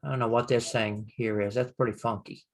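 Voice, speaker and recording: An older man teaching a Bible Hebrew lesson, slowly sounding out Hebrew words and explaining them with frequent pauses. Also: medium pitch, flat delivery. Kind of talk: screen-share lesson.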